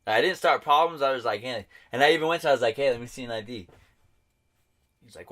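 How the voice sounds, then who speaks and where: A man's voice: medium pitch, fast talker. A man co-hosting a podcast, telling a bar fight story in casual chat, swearing and acting out what people said. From New Mexico, US. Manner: animated, swearing, acts out quotes. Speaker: podcast co-host.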